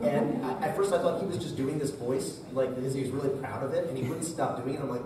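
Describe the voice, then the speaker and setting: Speaking quickly and barely pausing in a mid-range voice, a man appears as a guest voice actor on a convention panel, joking and breaking into character voices while answering questions casually. A distant mic in the big, echoey convention hall picks up noisy crowd ambience.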